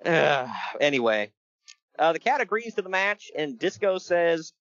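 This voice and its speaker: A man's voice: on the high side, lively intonation, a little slow, fairly bright tone, no echo, dull audio. A man co-hosting a podcast, recapping wrestling in a jokey casual chat, laughing often.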